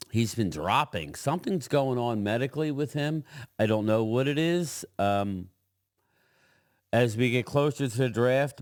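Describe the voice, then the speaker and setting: A middle-aged man with a lowish voice hosts a casual solo sports talk. He rambles conversationally, stopping and restarting his thoughts. The sound is close and dry, with no room echo. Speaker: host.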